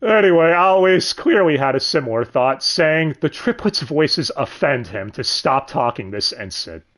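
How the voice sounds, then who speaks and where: A man hosting a casual, profane review of an anime dub, sardonic and quick to laugh. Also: a little high, animated, a bit bright. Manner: sardonic, swears freely, laughs often.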